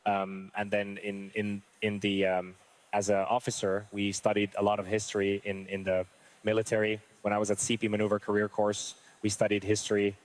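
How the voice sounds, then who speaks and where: A male military veteran with a fairly low voice speaks in a street interview. He talks earnestly and hesitantly, working through his thoughts out loud. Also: monotone, brisk. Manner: earnest, hesitant, thinks aloud.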